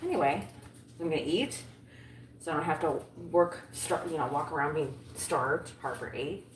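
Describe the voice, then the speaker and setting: A woman's voice: low-pitched, moderate pace, slight background noise, rough recording. A woman hosting a casual livestream from home, chatting with viewers in a playful, self-mocking way. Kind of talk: casual chat.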